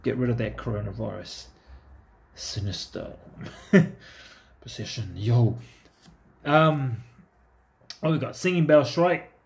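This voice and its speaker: A man's voice: mid-range voice, takes it slowly, gravelly, long pauses. A man giving casual, chatty commentary to himself as he opens trading card packs. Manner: talks to himself, easygoing and chatty. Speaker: card-opening vlogger.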